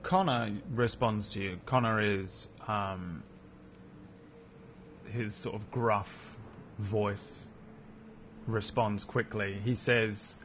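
A man's voice: lowish voice, fairly even intonation, very slow, pauses often, a bit bright, a little hiss or hum. A man running a tabletop game as game master, narrating with hesitant fillers. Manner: hesitant, fillers while describing. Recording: dull lo-fi sound.

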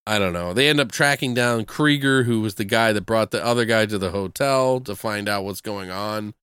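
A man's voice: lowish voice, moderate pace, fairly bright tone, clean tone, no echo, clean studio sound. A man in casual chat, animatedly recapping a movie plot with swearing, laughter and impressions of the characters.

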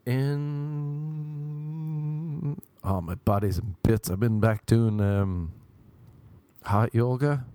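Extremely slow with long pauses, this young podcast host keeps a steady, mellow mid-range voice on a dry recording. He rambles through comic stories in a casual monologue, cursing freely and performing the characters' voices.

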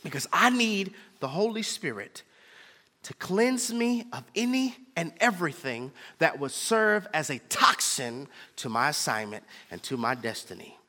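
A man's voice: fairly high pitch, sing-song, measured pace, bright, forceful tone, in a large hall. A man preaching a sermon as pastor, driving his points home with repetition and call-and-response.

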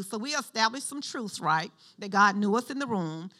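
Speaking at normal speed with hardly any pauses, a woman pastor delivers a sermon in a medium-pitched voice. Her style is conversational, and she prompts the congregation to respond, keeping the call-and-response lively while drifting between preaching and casual asides.

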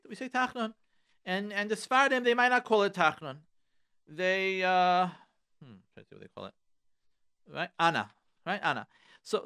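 Emphatic male radio host, high and lively. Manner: emphatic, repeats key phrases, mixes in Hebrew prayer words. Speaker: radio show host giving relationship advice. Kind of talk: animated advice talk on a radio show. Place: radio studio.

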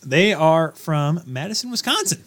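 A young man co-hosting a casual sports podcast, loud and ranting as he argues and jokes with his friend. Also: fairly high pitch, sing-song, moderate pace. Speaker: podcast co-host.

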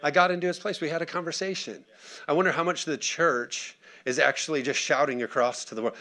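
A pastor in his thirties, his voice running high and his pace quick, preaches in a lively, conversational way. He performs quotes and calls on the congregation to respond.

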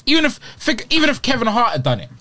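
Animated young man, high lively voice. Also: fast. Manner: animated, teasing, laughs often. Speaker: podcast co-host. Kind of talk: casual chat.

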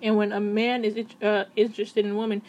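A woman's voice: medium pitch, little pitch movement, fairly quick, a little mellow, highs cut off. A woman talking casually to camera at her computer, chatty and rambling, often correcting herself. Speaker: vlogger.

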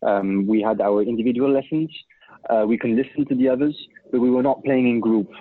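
A man's voice: medium pitch, steady tone, fairly quick, no room sound. A man, a guest oboist and teacher, answering interview questions in a thoughtful, hesitant way full of restarts. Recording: muffled phone-like line, dry.

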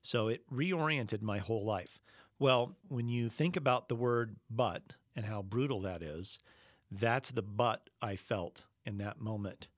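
A middle-aged man preaching a sermon, telling a personal story earnestly and slowing down when he quotes Jesus. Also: lowish voice, no room sound, studio quality. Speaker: pastor.

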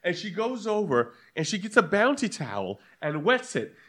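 Male podcast co-host, slightly high and very lively voice, animated storyteller. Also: normal speed. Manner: animated storytelling, swearing, laughing often. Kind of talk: casual chat.

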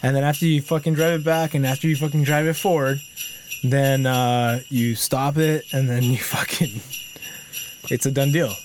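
Man, casual profane storyteller, animated, plays all the parts himself; noisy track. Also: mid-range voice, normal speed. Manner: animated, swears constantly, acts out quoted people. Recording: noisy background hiss.

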